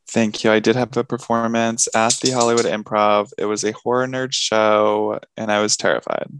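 A man's voice: on the low side, little pitch movement, normal speed, a bit bright, clear, resonant tone, dry recording. A young man co-hosting a podcast in casual chat, rambling and self-deprecating with lots of filler words. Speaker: podcast co-host.

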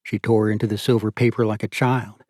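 A man narrating an audiobook in a measured, steady storytelling manner. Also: lowish voice, dry recording, clean studio sound.

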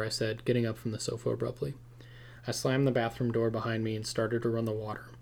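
A man narrating a first-person scary story aloud in a steady, tense delivery. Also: mid-range voice.

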